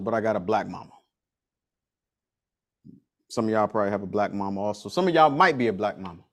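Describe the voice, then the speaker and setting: A man leading a business coaching workshop in a casual, slangy way, repeating key lines for emphasis. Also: medium pitch. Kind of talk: motivational workshop talk.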